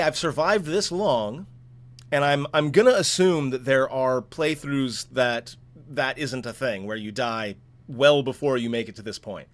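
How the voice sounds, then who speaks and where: A man hosting a game playthrough, reading the story text aloud and breaking off for chatty asides. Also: medium pitch. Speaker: let's play host.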